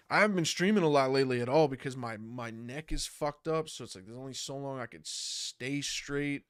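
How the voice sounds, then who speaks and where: A man's voice: mid-range voice, a little fast, hardly any pauses, smooth, no room sound, clean studio sound. A man in his thirties, stuffy from a cold, rambling casually on a livestream, swearing and laughing as he reads chat. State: congested from a cold. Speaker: streamer and battle rapper.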